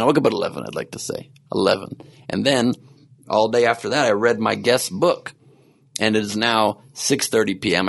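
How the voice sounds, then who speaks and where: A man's voice: on the low side, gravelly. A man hosting a podcast in casual, rambling chat, joking at his own expense and sleep-deprived. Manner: rambling, self-mocking, jokey asides. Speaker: podcast host.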